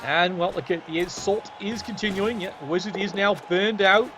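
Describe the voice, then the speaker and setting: This commentator calls the match at a moderate pace, his high male voice carrying a wry, sneering edge as he cusses offhandedly and speaks right to the players. His pitch is notably higher than most men's, and a distinct layer of background hum persists throughout.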